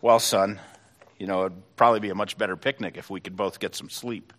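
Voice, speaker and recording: Man doing a patient dad, gentle, reassuring, low voice. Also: steady tone, brisk. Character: patient, loving single father.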